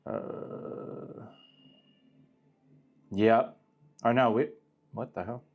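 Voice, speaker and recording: A young livestream host from Arizona, USA, chats casually with viewers, rambling, swearing and breaking off mid-thought as he answers their questions. His voice is medium in pitch and darkish, with a steady tone and drawn-out words.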